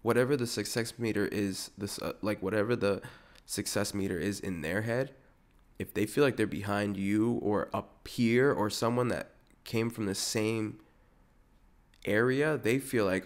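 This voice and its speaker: Rambling, low-voiced male podcast host. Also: moderate pace. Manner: rambling and animated, full of "like" and "dude". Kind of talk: casual podcast rant.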